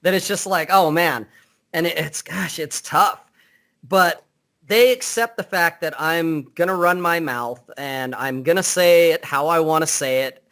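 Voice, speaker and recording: A man chats as a guest on a podcast, heard over a Skype call. He is blunt and unfiltered, and he rambles and restarts his sentences. His voice sits somewhat high for a man. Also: measured pace, a bit bright. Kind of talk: casual interview chat.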